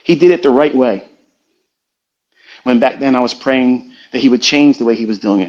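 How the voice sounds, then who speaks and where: A middle-aged man giving a reflective, confessional motivational talk as a trading educator in a live audio room, slow and halting. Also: medium pitch, a little mellow. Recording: slightly muffled online audio stream.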